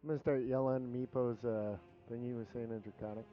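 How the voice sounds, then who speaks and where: A man playing a tabletop game, joking in quick banter with the group. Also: mid-range voice, fairly even intonation, muffled recording, faint music behind. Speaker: player. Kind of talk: casual tabletop game play.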